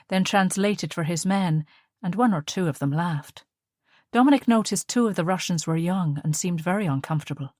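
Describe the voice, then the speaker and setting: Audiobook narrator: a woman with a lower voice, steady measured reading, dry close sound. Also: no echo.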